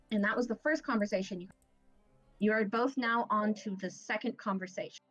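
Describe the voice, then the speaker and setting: A woman's voice: medium pitch, steady tone, moderate pace, lo-fi sound, faint music behind. A woman acting as game master, narrating a tabletop game in a casual, chatty way with many fillers. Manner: casual, laughing, full of fillers.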